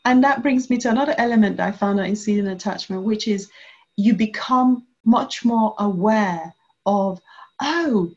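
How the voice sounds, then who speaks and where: A woman co-hosting a conversational podcast as a couples therapist, talking in an animated way and acting out her clients' voices. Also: medium pitch, moderate pace. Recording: lo-fi muffled remote audio.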